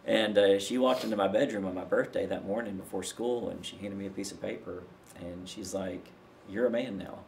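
Deep gravelly man telling a story. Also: fairly quick, few pauses, a little hiss or hum. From Tennessee. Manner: relaxed, many fillers like "you know". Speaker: podcast guest. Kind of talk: storytelling in a conversation.

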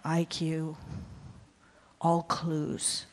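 A woman missionary preacher telling a confessional story in a sermon, swinging from hushed to loud. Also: low-pitched, completely flat delivery, drawn-out words, slight background noise. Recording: long hall reverb.

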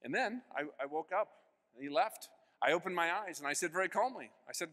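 A man in his fifties giving an earnest personal faith testimony as keynote speaker, telling his story with sudden swings between hushed and loud. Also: a little high, animated, fast. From United States. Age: 50s. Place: large convention hall. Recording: long hall reverb.

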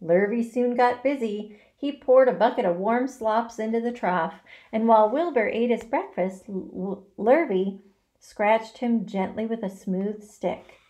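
A woman's voice: fairly high pitch, a little slow. Woman reading a storybook aloud. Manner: expressive, dramatic reading with voices.

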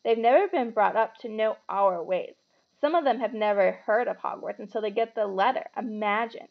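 A woman's voice: mid-range voice, normal speed, creaky, dull audio, lightly acted. A woman voicing a snobbish pale boy who drawls and sneers, read aloud from a storybook. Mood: drawling.

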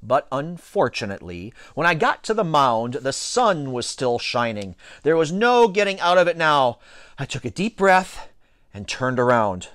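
A man reading a children's novel aloud with expressive storytelling and playful asides. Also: fairly high pitch, measured pace, no room sound, studio quality. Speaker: reader.

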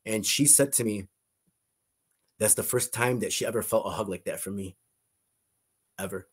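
A middle-aged man with a husky, breathy voice recounts a personal testimony. He speaks earnestly, circling back on his words and restarting sentences as he goes. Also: on the low side, moderate pace. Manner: earnest, repeats himself, frequent restarts. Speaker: guest sharing a testimony.

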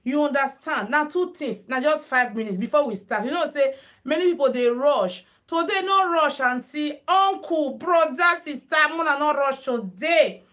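Speaking at normal speed in a high-pitched, slightly bright voice, a middle-aged Nigerian woman with a Nigerian accent runs a casual beauty livestream from her phone about makeup and headwraps. She chats in Pidgin-mixed English, addressing viewers as "my people" and using sing-song calls.

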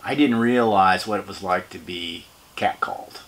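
A man's voice: low-pitched, normal speed. A man, a guest on an interview show, chatting casually, rambling and laughing as he talks. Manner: rambling, laughing, swearing freely. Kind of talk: casual chat.

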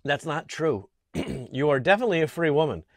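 A man from Connecticut giving an indignant political opinion monologue, halting and restarting often, clearing his throat from allergies. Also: fairly high pitch, very animated. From Connecticut, USA. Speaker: political vlogger. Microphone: small camera mic.

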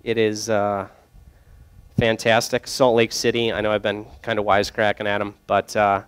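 Joking young man with a smooth voice. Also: lowish voice, monotone, moderate pace. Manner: joking, loose, rambling with many fillers. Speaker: brewery sales rep. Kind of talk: casual storytelling to a group.

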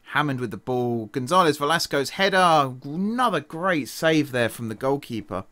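Casual man commentating a football game. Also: dry recording. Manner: chatty, self-correcting, quick laughs, shifts from excited to low mutters. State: tired from an early start. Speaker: gaming streamer.

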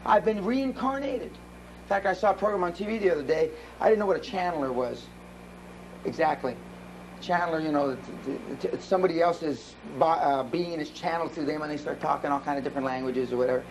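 A man with a high-pitched voice speaks at a seminar, brash and profane as he tells stories to the audience. A faint hiss of live-room noise sits under his voice. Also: brisk, low-quality recording.

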